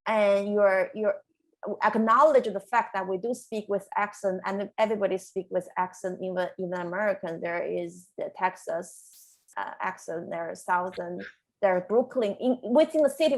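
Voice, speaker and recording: Earnest woman faculty panelist with restarts. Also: mid-range voice. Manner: earnest, measured, with many restarts. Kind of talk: panel discussion answer.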